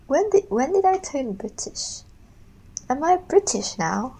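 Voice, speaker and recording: A woman's voice: sits high, very animated, unhurried, a little mellow, husky, low-quality recording. A young woman, an art streamer, chatting casually and ramblingly while she draws, full of slang. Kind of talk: casual chat while drawing.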